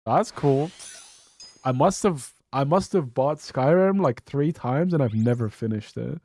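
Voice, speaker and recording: A man's voice: mid-range voice, expressive, measured pace, warm tone, dry recording. A young man streaming a game, chatting casually with a stuffy nose, rambling and swearing often. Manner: rambling, swears a lot, restarts sentences. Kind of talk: casual live-stream chat.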